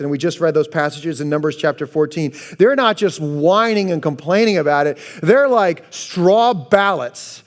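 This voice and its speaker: A man preaching a sermon as pastor, lively and dramatic, acting out quoted voices and dropping low for emphasis. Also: moderate pace, hardly any pauses.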